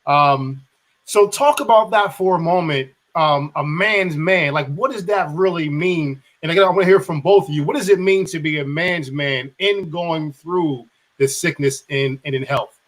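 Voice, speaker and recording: A man's voice: on the high side, moderate pace, a bit bright. A man hosting a marriage talk show, interviewing a couple, often restarting his words and reading a passage aloud from their book. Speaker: podcast host. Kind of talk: conversational interview.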